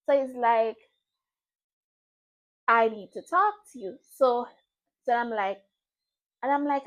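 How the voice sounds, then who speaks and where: A young woman with a high voice recounts a painful personal story as a vlogger. She repeats phrases for emphasis and acts out both sides of the dialogue. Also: lively intonation, a little slow, pauses often, rough recording. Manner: repetitive and emphatic, acting out dialogue. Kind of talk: emotional storytime monologue.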